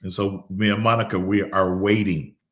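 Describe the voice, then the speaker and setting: A middle-aged pastor with a low, level voice tells a personal story in an unhurried, devotional way, frequently repeating his words.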